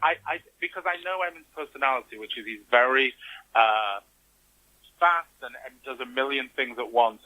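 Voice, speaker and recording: This interview guest is a man who recounts events animatedly, performing the quoted remarks as he goes. He speaks at a medium pitch in a husky yet bright, forward-placed voice, captured on a low-quality recording.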